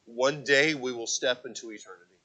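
A man preaching a sermon to a congregation, swinging from quiet, conversational stretches to loud, impassioned calls with repeated words. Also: mid-range voice, brisk. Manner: asks the congregation to read aloud with him. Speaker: pastor.

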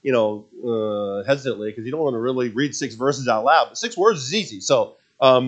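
A man's voice: mid-range voice, animated, a little fast, few pauses. A man preaching a sermon to a congregation, leading them in reading scripture aloud, with earnest fervent passages and self-deprecating asides. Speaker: pastor.

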